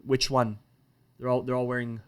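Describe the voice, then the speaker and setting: Halting male game master, average pitch, narrating a tabletop game. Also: little pitch movement, smooth. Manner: halting, with many restarts and fillers.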